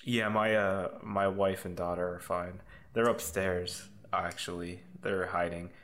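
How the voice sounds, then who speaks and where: A man's voice: sits low, flat delivery, measured pace, fairly bright tone, a little hiss or hum. A man playing a nervous small-town dad. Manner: rambling, nervous. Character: worried small-town husband and father.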